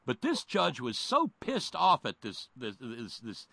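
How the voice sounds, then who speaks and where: A man co-hosting a casual chat, animated, joking and profane. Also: medium pitch, a little slow, creaky, no room sound. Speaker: podcast co-host.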